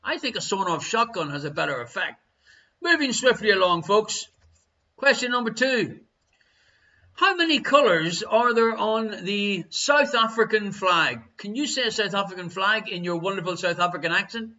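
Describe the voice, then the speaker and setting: Bright-voiced Irish quiz host. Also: male voice, high-pitched, animated. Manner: chatty, teasing, reads questions slowly twice. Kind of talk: live online quiz hosting. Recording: dull lo-fi stream audio.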